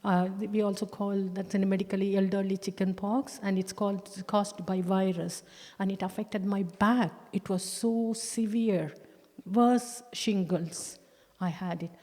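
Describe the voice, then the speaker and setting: A woman's voice: medium pitch, steady tone, a little mellow. Earnest woman testifying in echoey church. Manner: halting, earnest, with frequent restarts and fillers; slows down and stresses key words. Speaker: church member giving testimony. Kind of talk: personal testimony. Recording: long church-hall reverb.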